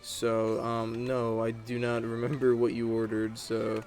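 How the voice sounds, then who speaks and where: A man's voice: medium pitch, completely flat delivery, a little slow, a little mellow. A man giving casual gameplay commentary, rambling and chatty as he tells stories while he plays. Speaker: gaming channel host.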